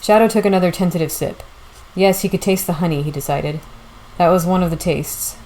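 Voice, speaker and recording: A woman reading a novel aloud as audiobook narration, steady and measured. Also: lowish voice, low-quality recording. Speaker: audiobook reader.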